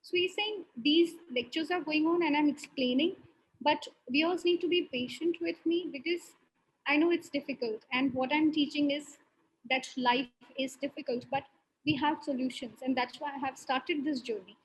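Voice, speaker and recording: A woman's voice: high-pitched, normal speed, a little hiss or hum, low-quality recording. A woman spirit medium relaying a spirit's words, prefacing quotes with "he's saying" and often laughing.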